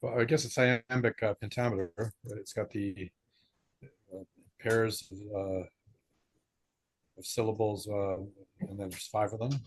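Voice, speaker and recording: A man in a seminar discussion answering hesitantly, with many pauses. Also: fairly low pitch, steady tone, no echo, low-quality recording. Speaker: seminar student.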